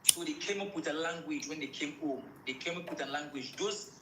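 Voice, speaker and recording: A man's voice: on the high side, brisk, a bit bright, echoey room, a little hiss or hum, low-quality recording. A man from Sierra Leone with a Sierra Leonean accent, a musician guest in a casual interview, often repeating phrases as he explains.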